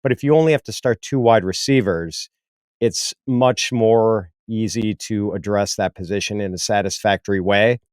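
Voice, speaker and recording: A man co-hosting a casual sports analysis chat, speaking in a measured, easygoing way. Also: on the low side, smooth, dry recording, clean studio sound. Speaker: podcast co-host.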